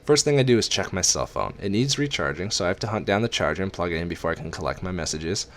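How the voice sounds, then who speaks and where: A man's voice: sits low, expressive, quick pace, a bit bright. A man reading a first-person story aloud as an amateur audiobook, plainly, with occasional stumbles and restarts. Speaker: reader.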